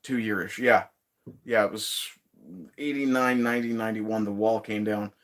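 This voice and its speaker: Laid-back low-voiced man streaming chat. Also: a bit bright. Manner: laid-back and profane, with frequent chuckles. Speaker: livestream host reading viewer chat. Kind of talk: casual rambling chat. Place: woodshed.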